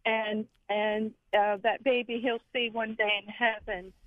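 A woman's voice: a little high, level tone, measured pace, no room sound. A woman calling in to a radio show from Florida, a little out of breath, earnest and hesitant. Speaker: caller. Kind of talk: call-in radio chat. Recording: tinny phone line.

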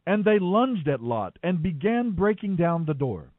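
A man giving an expressive, dramatic scripture reading. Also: high voice, unhurried, no echo. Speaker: Bible reader. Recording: tinny phone-like dry sound.

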